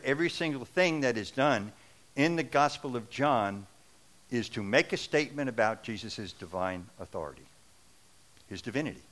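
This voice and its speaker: A man's voice: mid-range voice, fairly bright tone. A middle-aged man preaching a sermon in an earnest, conversational and wry manner.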